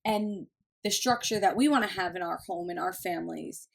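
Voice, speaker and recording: A woman in casual chat with friends, talking earnestly and warmly about raising her young son, with many "like"s. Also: lowish voice, moderate pace, creaky. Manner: earnest, heartfelt, lots of "like". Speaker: podcast co-host.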